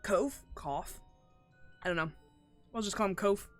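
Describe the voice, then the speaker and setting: A woman's voice: mid-range voice, unhurried, faint music behind. A woman streaming a game live, chatting casually with joking, profane, blurted reactions. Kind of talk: casual live gameplay chat.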